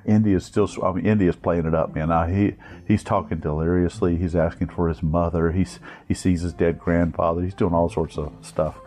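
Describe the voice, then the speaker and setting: A man telling a funny scouting story, animated and chuckling, acting out other people in high-pitched voices. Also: fairly quick. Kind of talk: storytelling anecdote.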